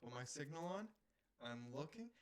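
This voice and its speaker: A man from Canada co-hosting a podcast, casually telling a swearing, animated story and acting out his friend's lines. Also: on the high side, normal speed. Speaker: podcast co-host. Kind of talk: casual chat.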